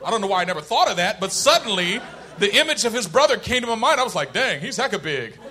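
A man preaching a sermon, shifting between loud emphasis and quiet intensity, and laughing as he tells a personal story. He grew up in Oakland, California. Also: high voice, expressive, quick pace, a faint crowd.

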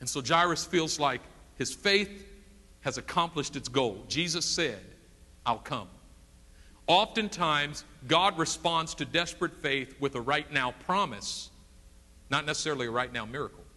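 A man preaching a sermon, animated and dramatic, acting out the voices of people in the story he tells. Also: fairly high pitch, moderate pace, in a large hall.

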